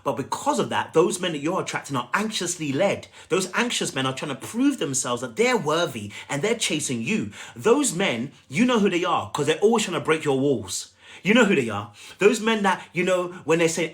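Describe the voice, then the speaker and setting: A man's voice: on the high side, fairly quick. A man giving casual dating coaching on a livestream, emphatic and repetitive, often asking the audience if they follow. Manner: animated, repetitive, emphatic and chatty.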